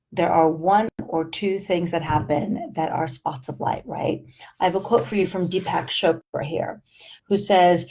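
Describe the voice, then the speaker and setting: A woman's voice: on the low side, a little mellow. A middle-aged woman coaching viewers in a live motivational talk, upbeat and emphatic, checking in with "right?" and "okay?" as she goes. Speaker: life coach.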